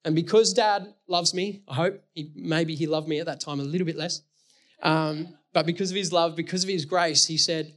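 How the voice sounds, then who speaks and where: A man's voice: on the high side, brisk, a bit bright. A man delivers a sermon. He is earnest and direct, and he works through his points with everyday stories and Bible passages. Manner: earnest, explains with everyday illustrations and scripture. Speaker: preacher.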